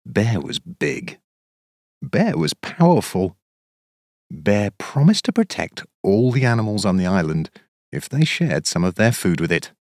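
Slow, expressive male storybook narrator. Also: lowish voice, no room sound, studio quality. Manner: expressive, measured, sing-song. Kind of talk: children's storybook reading.

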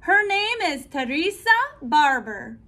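A woman reading aloud from a storybook, voicing a tall, graceful female art teacher who gives emphatic, lively instructions. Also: sits high, takes it slowly, exaggerated voice. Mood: brisk.

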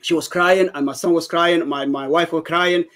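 Man, English, halting testimony, fairly high-pitched voice. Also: steady tone, fairly bright tone. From Somalia. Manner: halting, many fillers and restarts. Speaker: guest giving testimony. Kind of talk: personal testimony interview.

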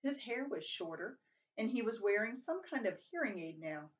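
A woman reads a first-person novel aloud in a plain, unhurried voice, now and then stumbling and correcting herself. She sits a little away from the microphone, so the voice sounds somewhat distant. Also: medium pitch, animated. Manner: plain reading with occasional stumbles and self-corrections. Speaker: reader.

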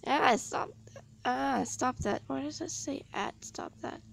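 A woman voicing an excitable girl who panics easily, reading her lines in a storybook. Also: high-pitched, unhurried, vocal fry, slight background noise, pitched above the performer's own voice, exaggerated voice. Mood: giggly. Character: excitable jumpy girl, loud and scared.

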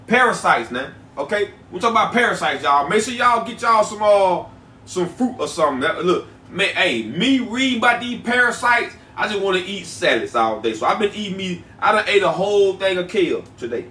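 A man's voice: high-pitched, sing-song, normal speed, pushed and bright, slight background noise. A man hosting a casual livestream, chatting loosely with viewers, often repeating himself and stretching out his phrases. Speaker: livestream host selling herbal products. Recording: echoey room, voice a bit far from mic.

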